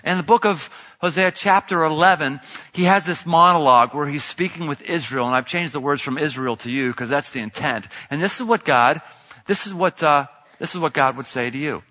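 Preacher in a big echoing hall. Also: male voice, a little high, fairly quick. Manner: dramatic, swings from shouting to near whisper. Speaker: pastor. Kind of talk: sermon. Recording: dull sound in a large reverberant hall.

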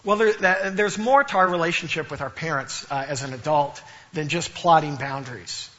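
A middle-aged man preaches with a high, bright, forceful voice, and he plays the characters in his stories with broad, comic imitation. The recording is muffled and a little dull. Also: normal speed. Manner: storytelling with playful, exaggerated imitations. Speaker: pastor. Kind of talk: sermon.

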